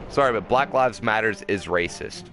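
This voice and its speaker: A man's voice: fairly low pitch, normal speed, fairly bright tone, faint music behind. A man ranting with profanity and passion while livestreaming a game from inside a camper, talking into a desk mic. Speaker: livestreaming gamer. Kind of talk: ranting live gaming commentary. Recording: noisy home stream audio.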